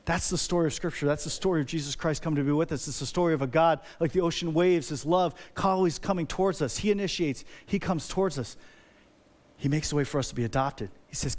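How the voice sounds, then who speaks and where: A man's voice: fairly high pitch, fast, darkish tone. A middle-aged male pastor preaching a sermon, emphatic and repetitive, building energy by repeating phrases.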